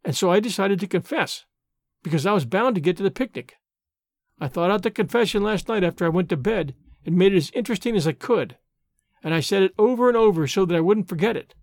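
Give voice to a chattering, dramatic orphan girl in a storybook, gushing over every detail in a bright, lively, swooping voice, as a man reading the tale puts her on. The delivery is dry and close. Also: high voice, fast, dry recording. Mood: weary. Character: imaginative talkative orphan girl, about eleven.

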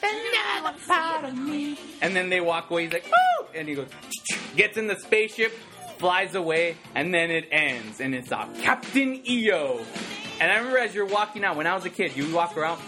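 A man in his thirties in casual chat, rambling excitedly, packing his talk with "like" and acting out sound effects. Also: on the high side, brisk, faint music behind.

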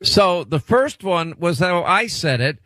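A man hosting a talk radio show, bantering with his co-host, talking over her and jumping up in pitch when he protests. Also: expressive, unhurried, very noisy.

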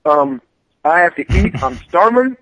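A man on a podcast as a guest, telling stories about his work in a lively, animated way, full of stammered restarts. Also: a little high, unhurried, no room sound, rough recording. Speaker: podcast guest, comic artist. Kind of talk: casual storytelling.

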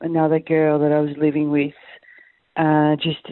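A woman's voice: low voice, monotone, normal speed, dry recording, natural voice. A woman voicing a rambling, spacey hippie auntie calling in, with a dry hacking cough. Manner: meandering, vague, spacey. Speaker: caller. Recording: tinny phone line.

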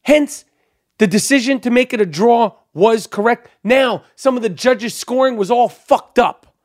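Emphatic, profane, high-voiced man. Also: moderate pace, no echo, studio quality. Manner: emphatic, profane and rambling with repetitions. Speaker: podcast host. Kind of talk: casual podcast monologue.

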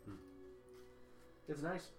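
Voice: slow, over music. A game master running a tabletop game who talks in a joking, teasing way. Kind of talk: casual chat at a game table. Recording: echoey room, loud noise.

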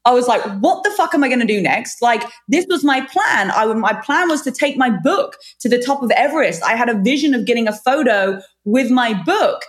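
A fairly high-voiced woman in her thirties talks through her story in an easy, conversational way. She speaks frankly, drops the odd curse and restarts her sentences as she goes. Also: expressive. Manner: frank, swears casually, quick restarts. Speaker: guest, fitness trainer and author.

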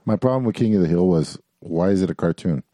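Low mellow guy on a podcast, swears a lot, voice jumps around. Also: lively intonation, quick pace, dry recording, clean studio sound. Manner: blunt, swears often. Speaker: podcast co-host. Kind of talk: casual chat.

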